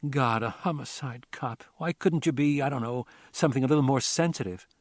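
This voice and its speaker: A man's voice: medium pitch, a little fast, dry recording, studio quality, voice pushed up, close to an everyday voice. A man reading an audiobook, voicing an edgy, self-conscious woman nearing thirty. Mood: sharp. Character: nervous woman about to turn thirty.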